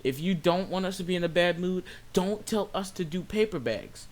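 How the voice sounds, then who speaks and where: A young adult retail worker tells a story in a casual, exasperated rant packed with swearing. The voice sits in the mid range at a moderate pace, and the delivery is profane and lively.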